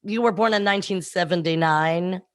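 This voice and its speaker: A woman's voice: lowish voice, normal speed, no room sound, clean studio sound. A woman hosting a podcast, asking teasing, playful questions in a casual interview. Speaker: podcast host.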